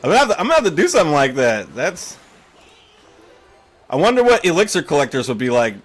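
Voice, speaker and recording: Man, higher pitch, excitable, panicky, gameplay commentary, laughs and curses. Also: fast, faint music behind. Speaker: gaming YouTuber.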